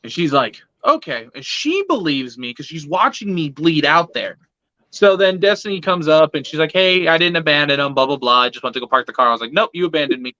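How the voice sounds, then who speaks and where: Man, fairly high voice, rambling profane comic storyteller acting out others' lines, dry lo-fi recording. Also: expressive, fairly quick, sharp tone, dry recording. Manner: rambling, swearing, with many fillers; acts out the other people's lines. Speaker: storyteller at an open mic.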